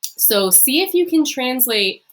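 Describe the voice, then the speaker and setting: A woman teaching a recorded online lesson, pronouncing phrases slowly for learners to repeat and explaining them in a friendly way with some fillers. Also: sits high, animated, fairly bright tone. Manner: slow, drawn-out modelling of phrases to repeat. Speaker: Latin teacher.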